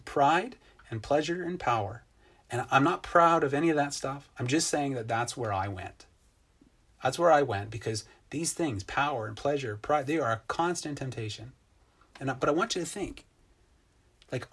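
A man, a pastor giving a conversational, animated sermon with many restarts. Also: medium pitch, husky. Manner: animated, conversational preaching with restarts and acted-out inner voices.

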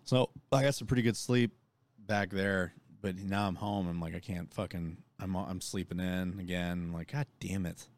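A man's voice: low-pitched, fairly even intonation, normal speed. A young man co-hosting a casual podcast, telling stories in a laid-back, profane way. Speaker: podcast co-host. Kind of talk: casual chat.

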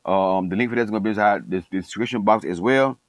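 Talking fast in a fairly low voice, a middle-aged man who is a coach and online commentator delivers an emphatic, sermonizing monologue, repeating himself to hammer points and calling himself passionate. The recording has no room sound and is low in quality.

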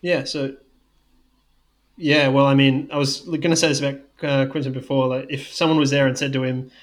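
A man with a South African accent talks through a casual podcast chat. His pitch stays flat and even, and he rambles with lots of fillers. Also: normal speed. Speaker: podcast co-host, sports scientist.

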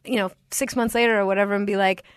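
A woman's voice: medium pitch, steady tone, racing, smooth, no room sound, clean studio sound. A woman guest chatting on a podcast, telling stories and laughing often. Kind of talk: casual podcast chat.

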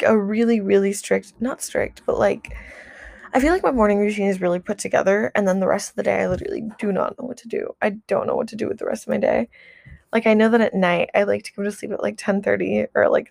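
A woman's voice: medium pitch, gravelly, darkish tone, dry recording, clean studio sound. A young woman vlogger chatting casually about her routine, rambling with lots of "like" and restarts, candid and swearing. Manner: rambling, heavy use of "like", frequent restarts.

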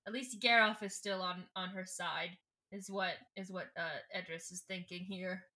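A woman's voice: lowish voice, normal speed. Chatty woman recapping a book. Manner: chatty, excitable asides. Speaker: podcast host.

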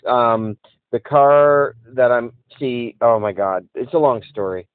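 A man at a middle pitch chats over a thin, tinny phone line. He hosts a podcast and tells his story in an easygoing, chatty way. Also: takes it slowly, clear, resonant tone, dry recording. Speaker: podcast host. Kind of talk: casual phone chat.

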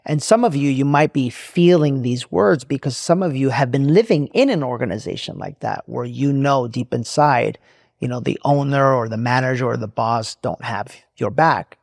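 A man's voice: mid-range voice, moderate pace, creaky, darkish tone, no echo, clean studio sound. A man hosting a podcast, telling a personal story in an emphatic, preachy way and repeating his phrases for effect. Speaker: podcast host. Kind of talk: motivational storytelling monologue.

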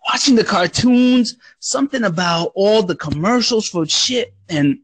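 An adult man spins a childhood story in loose, profane chat. His voice is husky and pitched a bit high, with big animated swings. The sound is dry and close. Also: unhurried, dry recording.

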